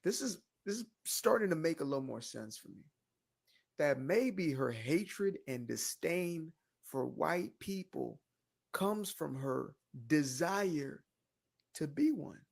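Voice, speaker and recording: A man giving reaction commentary in a slow, mocking delivery. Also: a little high, expressive, gravelly.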